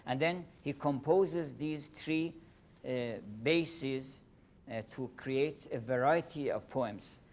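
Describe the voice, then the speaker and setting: A man's voice: medium pitch, darkish tone. Older man, Persian-accented lecturer. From Iran. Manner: halting, many fillers and restarts. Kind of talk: lecture on poetry.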